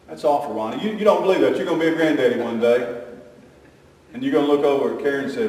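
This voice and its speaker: A man's voice: on the high side, normal speed, long pauses. An older man preaching a sermon, telling folksy family stories and acting out the voices in them. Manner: folksy storytelling, animated quoting. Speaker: pastor. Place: church sanctuary. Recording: echoey hall, distant mic, faint ambience.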